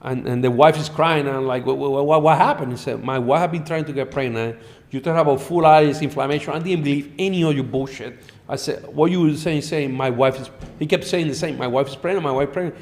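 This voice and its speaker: A middle-aged man, a doctor guest on a podcast, telling animated patient stories in a blunt, profane way. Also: a little high, brisk. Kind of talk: storytelling in a podcast interview.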